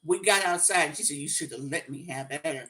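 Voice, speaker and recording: A woman's voice: low voice, fast talker, a bit bright, distant mic. A woman guest telling a story in casual, wry conversation. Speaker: guest on a live stream.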